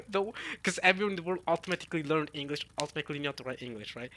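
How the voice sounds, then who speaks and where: A man with a bright, forceful voice reacts casually to a manga chapter. He talks straight to his viewers and thinks out loud as he goes. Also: fairly high pitch, very fast, slight background noise. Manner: chatty, addresses viewers as y'all, muses aloud. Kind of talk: casual reading and reaction chat.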